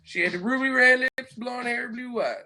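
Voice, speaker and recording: A man's voice: medium pitch, steady tone, normal speed, breathy edge, natural voice. A man voicing a heartbroken male country singer, crooning with a drawling twang. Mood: mock crooning.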